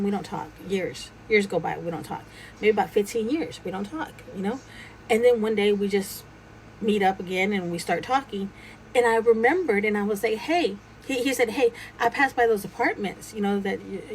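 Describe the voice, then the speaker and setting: A woman's voice: mid-range voice, slight background noise, low-quality recording. A woman casually telling a true ghost story, acting out the dialogue as she goes. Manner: animated retelling, acting out quoted dialogue.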